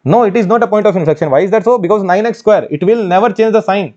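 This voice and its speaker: A man with an Indian English accent delivers an online exam-prep lecture on engineering mathematics, talking fast in a high-pitched, mellow voice. He poses questions, answers them himself, and keeps repeating key phrases. The recording sounds lo-fi.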